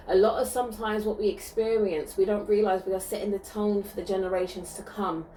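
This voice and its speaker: A woman's voice: mid-range voice, mellow. A woman giving a spiritual card reading in a soothing tone, often checking in with listeners by asking "okay?". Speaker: spiritual reader. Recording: roomy, distant mic, faint background hum.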